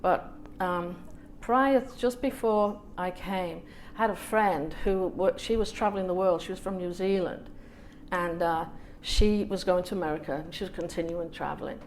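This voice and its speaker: A woman from England, a guest author at a small event, telling a lively story with laughs and acted-out quotes. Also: fairly low pitch, normal speed, slight background noise. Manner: lively anecdotal, laughs often, acts out quotes. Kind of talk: storytelling on a panel.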